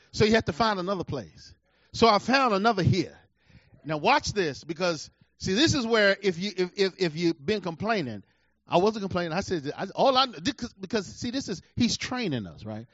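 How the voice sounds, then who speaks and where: Man, middle-aged, preacher, sermon storytelling, high-pitched, emphatic, loud bursts and low asides, muffled lo-fi sound. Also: sing-song, normal speed, dry recording. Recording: dull lo-fi recording.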